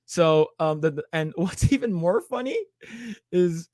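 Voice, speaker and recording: A man co-hosting a podcast, retelling stories in casual chat with lots of fillers and quick put-on voices. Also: a little high, lively intonation, darkish tone, no echo, studio quality. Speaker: podcast co-host.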